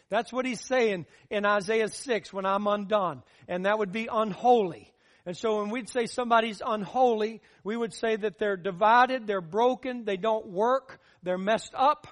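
A man with a very high-pitched voice delivers a sermon in an earnest preaching cadence. He stacks short repeated phrases and lifts his voice for emphasis. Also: normal speed.

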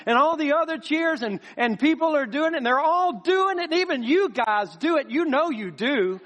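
High-voiced pastor preaching. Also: male voice, moderate pace, few pauses. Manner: animated, folksy, with rhetorical questions and acted-out voices. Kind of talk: sermon.

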